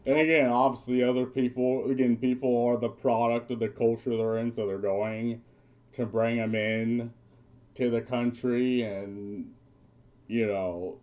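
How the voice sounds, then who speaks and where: Man streamer, slow deliberate delivery, mellow low tone, blunt profane ranter. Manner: blunt and profane, with mocking put-on quotes. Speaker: streamer reacting to a video. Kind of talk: ranting commentary.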